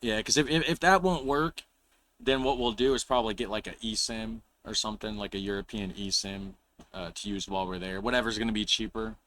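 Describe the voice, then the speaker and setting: A man from the United States with a lowish voice and a bright, forceful edge. He chats in a relaxed, rambling way, restarting sentences as he goes. A faint hiss of room noise sits under his voice. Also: brisk. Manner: relaxed, rambling, self-correcting. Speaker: reaction video host. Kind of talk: casual reaction chat.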